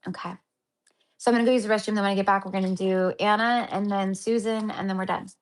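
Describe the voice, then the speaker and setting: A woman's voice: medium pitch, steady tone, fast. A woman hosting a spiritual healing livestream, chatting casually and affectionately with viewers, calling them honey and my love, rambling with many fillers and restarts.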